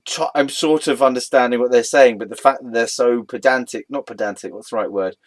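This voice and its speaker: A man's voice: mid-range voice, a little fast. A man reading a web page aloud and mocking it, often breaking into laughter and mock-dramatic outbursts. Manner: giggly, keeps breaking into laughter.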